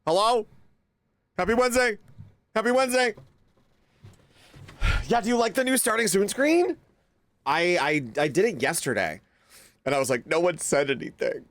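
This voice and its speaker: Lively-voiced man chatting on a livestream. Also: high-pitched, normal speed, pauses often, dry recording. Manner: chatty, greets viewers by name, coos at his pet. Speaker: streamer. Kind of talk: casual livestream chat.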